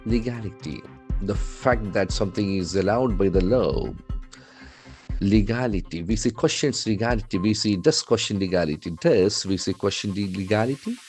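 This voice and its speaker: A man with an Indian English accent teaching English words from a newspaper, spelling them out letter by letter and repeating each word slowly. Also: fairly low pitch, darkish tone, faint music behind. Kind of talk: newspaper vocabulary lesson.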